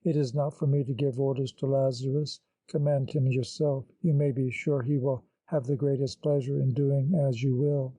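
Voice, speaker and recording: Nervous apologetic organist guy, read by a man, pleading, low dark voice. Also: level tone, moderate pace, hardly any pauses, dry recording, natural voice, rough recording. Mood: vacant. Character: nervous, troubled male organist.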